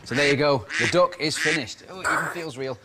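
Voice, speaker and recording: A man's voice: fairly high pitch, quick pace, very noisy. A man hosting a children's prank show, jokey and theatrical as he chats with a young helper. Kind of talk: playful presenting to a child.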